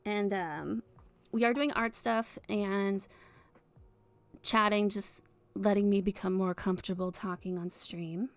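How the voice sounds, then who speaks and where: A woman's voice: mid-range voice, fairly even intonation, slow, pauses often, no room sound. Giggly, hesitant woman streamer. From US Midwest. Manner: soft, hesitant, many fillers and giggles. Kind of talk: casual live-stream chat.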